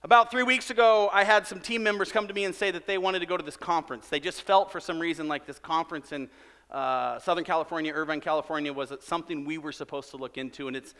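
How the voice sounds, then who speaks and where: A man's voice: a little high, sharp tone, long reverb tail. A man in his thirties, a pastor preaching a sermon and telling a self-mocking story with acted-out quotes. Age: 30s.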